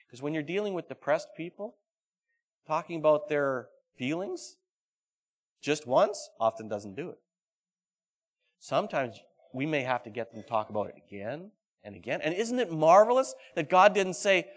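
A man preaching a sermon. He reads scripture aloud dramatically and keeps asking the congregation questions, swinging between loud and hushed delivery. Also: on the high side, very animated, normal speed, long pauses. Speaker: pastor.

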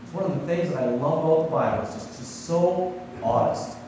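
A man's voice: fairly high pitch, animated, fairly quick, warm tone, slight background noise. Preacher man in a roomy echoing hall. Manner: conversational, asks the congregation questions. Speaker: pastor. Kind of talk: sermon. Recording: echoey hall, voice from far off.

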